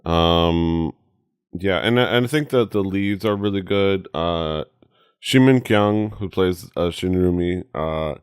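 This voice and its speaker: A man co-hosting a casual podcast chat, halting with many restarts. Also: smooth, dry recording, clean studio sound. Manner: halting, many restarts, jumps into high mimicry. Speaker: podcast co-host.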